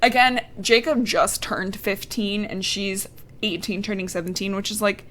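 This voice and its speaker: Her medium-pitched, fairly bright voice stays fairly even in intonation at a normal speed, with a little hiss or hum in the recording. She co-hosts a casual podcast chat, recapping a novel with swearing and sarcasm and ridiculing the characters' dialogue.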